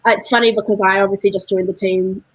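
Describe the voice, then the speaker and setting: A woman's voice: medium pitch, little pitch movement, quick pace, breathy edge, dry recording, rough recording. A woman with a New Zealand accent, chatting casually as a guest, with plenty of fillers and laughs. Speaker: guest from a beer importer. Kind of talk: casual video-call chat.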